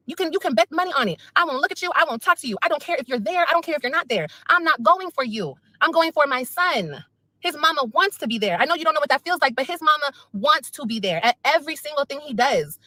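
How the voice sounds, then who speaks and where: A frustrated woman rants in a high, quick voice, circling back over the same complaints. Her tone is bright and tense. The sound is dry and close. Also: expressive, dry recording. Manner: venting, repetitive, frustrated. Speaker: mother speaking on a livestream. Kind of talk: emotional livestream rant.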